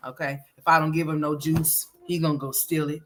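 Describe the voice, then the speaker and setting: A woman's voice: sits low, flat delivery, fairly quick, heavy background noise. A woman hosting a casual livestream, playfully scolding and teasing her young sons. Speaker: livestream host.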